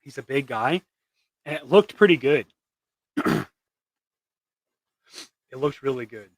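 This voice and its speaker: A man's voice: mid-range voice, lively intonation, takes it slowly, dry recording. Rambling man chatting on a hobby livestream. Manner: rambling, trailing off into mumbles. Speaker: livestream host making custom action figures. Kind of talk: casual livestream chat while working.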